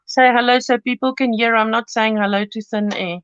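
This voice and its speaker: A woman with a higher voice and fairly even intonation talks briskly over some background noise. As host of a craft channel, she giggles and rambles through a live-stream tutorial from her home studio while cutting paper, in a dry, dull lo-fi recording.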